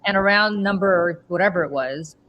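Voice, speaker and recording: A woman's voice: lowish voice, normal speed, muffled recording. A middle-aged woman, a podcast host, telling stories in casual chat and acting out her own reactions. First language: Russian. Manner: animated storyteller, acts out her own reactions. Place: home.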